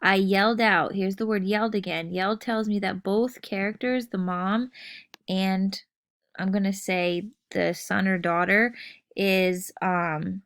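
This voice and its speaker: Slow, patient woman teaching writing. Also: mid-range voice, steady tone, clean tone. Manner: patient, explains step by step, checks in with "okay?" and "right?". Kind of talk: recorded writing lesson.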